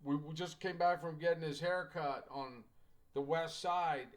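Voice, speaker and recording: A man's voice: on the high side, measured pace. A middle-aged male writing teacher talks to his class in a loose, folksy way. He drifts into anecdotes and acts out the dialogue, with wry joking asides.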